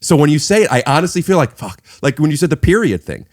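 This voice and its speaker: A man's voice: a little high, expressive, very fast, no echo, clean studio sound. A man hosting a podcast in casual chat, rambling and restarting his sentences with lots of fillers. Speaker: podcast host.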